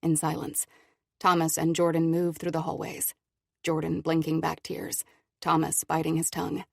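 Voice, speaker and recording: A woman narrating an audiobook in a calm, measured first-person telling. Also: deep voice, creaky, no room sound, studio quality.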